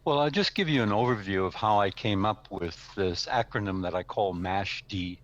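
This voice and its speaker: A man giving an informal talk in an online meeting, explaining his ideas in a measured way with some fillers. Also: fairly low pitch, highs cut off. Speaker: speaking club member presenting.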